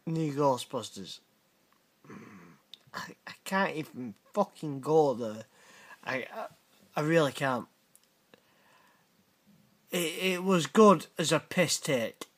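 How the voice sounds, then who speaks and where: Slow-talking, sweary British man. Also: fairly high pitch, lively intonation, fairly bright tone. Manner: blunt, sweary, teasing banter. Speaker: channel host reacting to viewer messages. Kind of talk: casual reaction commentary.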